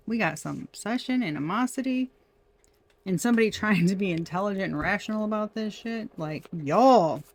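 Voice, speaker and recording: Woman, casual tarot reading, talkative, giggly, mid pitch. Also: a little mellow. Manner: chatty, laughing often, addresses viewers as y'all. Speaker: tarot reader.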